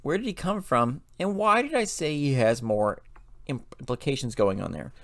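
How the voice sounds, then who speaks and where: A man's voice: mid-range voice, animated, moderate pace, no room sound. A man hosting a lore channel, retelling a story casually with loose fillers and restarts.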